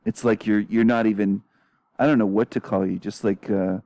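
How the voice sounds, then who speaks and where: A man commenting on a clip, a low, mellow tone, bluntly challenging and repeating rhetorical questions with a dry, close sound. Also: steady tone, moderate pace, no echo. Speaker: commentary channel host.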